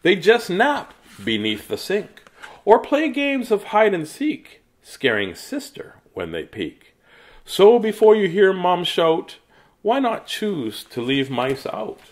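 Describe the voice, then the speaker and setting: A man's voice: high-pitched, wildly swooping pitch, slow pace. A man reading children's picture books aloud in a playful, jokey way, with asides to viewers. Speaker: children's book reader.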